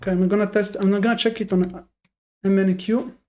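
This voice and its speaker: A man's voice: high-pitched, steady tone, a little fast, mellow. Frustrated man thinking aloud while trading. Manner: frustrated, self-critical, thinks aloud with restarts. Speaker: day trader streaming live. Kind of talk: live trading stream, talking to chat. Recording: dull lo-fi sound.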